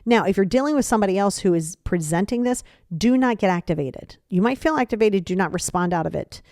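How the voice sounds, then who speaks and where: A woman hosting a podcast, giving casual advice and acting out example dialogues in quick quoted voices, repeating phrases for emphasis. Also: medium pitch, lively intonation, darkish tone, no echo, studio quality. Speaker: podcast host.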